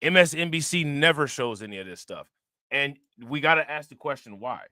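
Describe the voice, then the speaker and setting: This man talks casually over news clips with a bright, forceful tone, close to a dry mic. He keeps putting questions straight to his audience. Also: fairly high pitch, animated, fairly quick, dry recording. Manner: fires rhetorical questions at viewers. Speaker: reaction channel host. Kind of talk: casual commentary.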